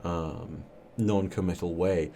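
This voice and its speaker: A man being interviewed as a guest on a podcast. He talks reflectively about how he came to storytelling, with a measured delivery and many fillers. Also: low voice, steady tone, warm tone, slight background noise.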